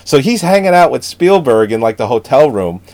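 A man's voice: mid-range voice, normal speed, no echo. A man co-hosting a casual movie review chat, joking, swearing and telling stories. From Italian-American family background. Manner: profane, joking, animated storytelling. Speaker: podcast co-host.

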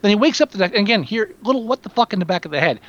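A man chatting casually about a film, sarcastic, animated and quick to swear. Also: sits high, muffled recording. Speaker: podcast co-host reviewing a film. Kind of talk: casual profane movie chat.

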